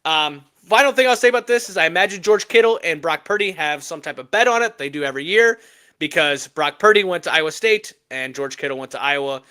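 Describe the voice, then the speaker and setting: Animated high-voiced man ranting on sports. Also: quick pace, clear, resonant tone. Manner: animated, emphatic rants with laughs. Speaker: podcast co-host. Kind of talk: casual sports chat.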